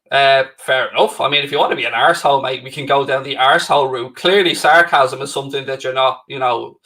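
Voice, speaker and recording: A man's voice: mid-range voice, sharp tone. A middle-aged Irish man co-hosting a football stream, chatting casually and teasing viewers with sarcasm. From Ireland. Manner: banters with chat, sarcastic and teasing. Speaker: co-host of football watchalong stream. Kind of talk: casual live-stream chat.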